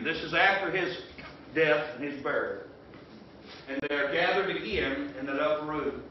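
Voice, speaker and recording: Texan male pastor, folksy sermon with shouted bursts, echoey church from a distance. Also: a little high, normal speed, a little hiss or hum. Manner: folksy storytelling with sudden shouted outbursts. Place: church sanctuary. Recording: echoey church from far off, dull.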